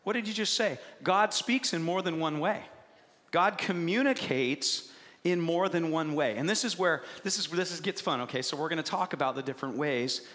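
A man in his thirties delivers a lively sermon, his voice sitting fairly high. He swings from hushed, slow lines to loud, excited bursts and acts out little voices as he goes. A long reverb trails behind him, as in a large hall. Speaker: pastor.

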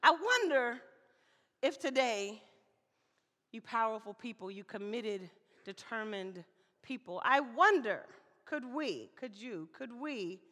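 A woman from Mississippi preaching as a guest speaker, chatty and lively, often calling for amens, her voice slightly hoarse. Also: fairly high pitch, takes it slowly. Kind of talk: sermon. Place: church hall. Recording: church hall reverb.

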